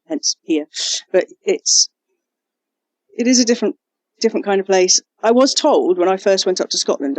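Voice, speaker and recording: An Englishwoman talks as a guest on a podcast, cheerful and laughing easily, sometimes restarting her sentences. Her voice sits fairly low. The recording is dry and close. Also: a little mellow, no echo. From England. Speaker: guest, junior doctor. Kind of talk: casual interview chat.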